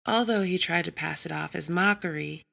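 A woman narrating an adult story in a measured, even reading style. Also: lowish voice, vocal fry.

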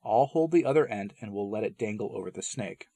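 A man voicing a calm, persuasive male stranger who speaks softly and steadily while reading a story aloud. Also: lowish voice, a little fast, no echo, clean studio sound. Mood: reassuring. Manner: soft, steady, reassuring. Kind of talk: read-aloud dialogue.

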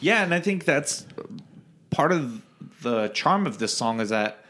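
A man's voice: on the high side, big pitch swings, a little slow, pushed and bright. A man co-hosting a podcast, chatting in an easygoing way about songs, with plenty of fillers and dry jokes. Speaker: podcast co-host. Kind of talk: casual music review chat.

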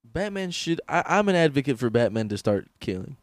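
Man, podcast co-host, animated pitch, crude riffing, dry mic. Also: a little fast, no echo. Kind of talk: casual comedy podcast chat.

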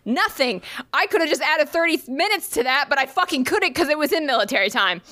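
A woman tells a long story in a loose, animated chat. Her voice is bright and sits a little high. She swears freely and laughs at her own mistakes. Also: a little fast. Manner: animated, profane, self-mocking storyteller.

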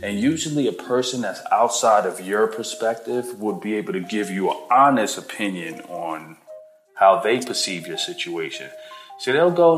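A man with a lowish voice hosts a podcast in a loose, casual monologue, calling his listeners "guys" and filling pauses with "you know". His delivery is conversational and encouraging. Soft music plays faintly behind him. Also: expressive. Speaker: podcast host.

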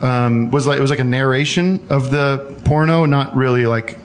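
A man's voice: mid-range voice, normal speed. A man hosting a casual call-in show, rambling and joking with many fillers and restarts. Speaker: host taking listener calls.

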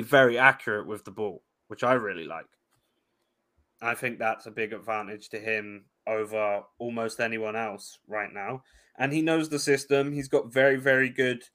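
A man's voice: mid-range voice, bright, forceful tone. Profane, fired-up man. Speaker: podcast co-host. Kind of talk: casual sports chat.

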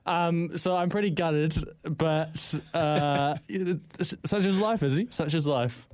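A man calling in to a radio show, halting and self-deprecating, stuttering over his words. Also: a little high, a little mellow, no room sound. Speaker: caller. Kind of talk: casual chat.

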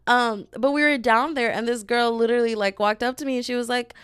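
A young woman hosting a podcast, chatting in an animated, candid way and calling her listeners girl and y'all. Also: fairly high pitch, fairly quick, clean tone. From family from Dominica, lives in Houston. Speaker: podcast host. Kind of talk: casual personal chat.

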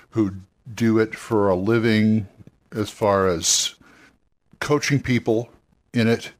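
Man, low voice, podcast host, casual monologue, rambling, self-correcting, encouraging. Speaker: podcast host giving roleplaying game advice.

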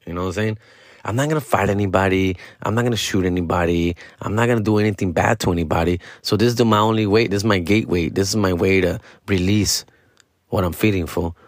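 A man's voice: sits low, fast talker, no echo, clean studio sound. A middle-aged man venting in a casual, profane monologue, slipping into Spanish slang. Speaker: comedian podcaster.

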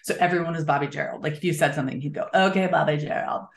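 A woman's voice: deep voice, steady tone, rapid-fire, gravelly. A woman guest author talking in a conversational interview, explaining earnestly with frequent fillers. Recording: roomy echo.

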